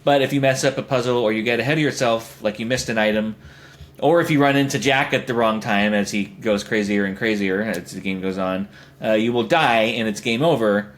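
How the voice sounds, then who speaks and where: A young man co-hosts a podcast with a lowish voice and a fairly quick pace, with a little hiss or hum in the background. He rambles through jokey ideas in casual chat, slipping into silly voices.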